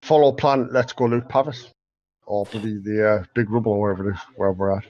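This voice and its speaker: A man's voice: on the low side, steady tone, fast, darkish tone, dull audio. A man playing a tabletop game, mischievous and full of playful questions. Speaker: player.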